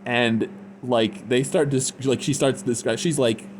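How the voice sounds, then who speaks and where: A man's voice: medium pitch, steady tone, unhurried, soft background music. A man giving an unscripted, rambling review in casual slang, full of fillers. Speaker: fan fiction reviewer.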